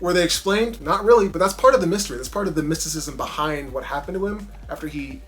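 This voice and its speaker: A man with a slightly high voice gives a casual, talky movie review. He is animated, punching up his points and then dropping into muttered asides, while faint music plays underneath. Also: fast.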